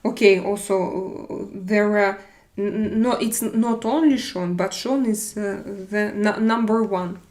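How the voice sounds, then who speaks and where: A woman with a Russian accent chatting casually on a live stream, halting and hesitant, often restarting with fillers. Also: medium pitch, fairly even intonation, darkish tone. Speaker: livestream host reading chat.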